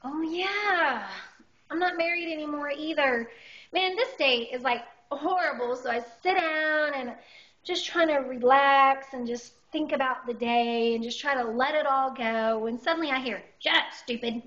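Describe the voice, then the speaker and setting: High, bright woman doing stand-up. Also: moderate pace. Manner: animated, exaggerated storytelling. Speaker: stand-up comedian. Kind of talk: stand-up comedy routine. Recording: dull lo-fi recording.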